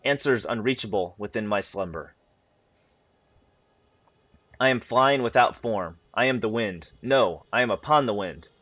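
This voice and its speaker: A man who hosts a gaming channel, reading in-game story files aloud in a steady, measured way, with a few casual asides. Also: lowish voice, dry recording.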